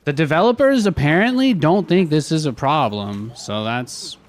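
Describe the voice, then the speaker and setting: A man's voice: fairly high pitch, lively intonation, normal speed, dry recording. A young man streaming a strategy game and chatting about it as he plays, rambling and repeating phrases. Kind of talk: live gameplay commentary.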